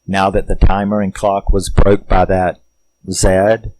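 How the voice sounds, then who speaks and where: A man's voice: sits low, monotone, measured pace, a little mellow, rough recording. A man, rambling profanely through a casual film plot recap with many fillers. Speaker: film reviewer.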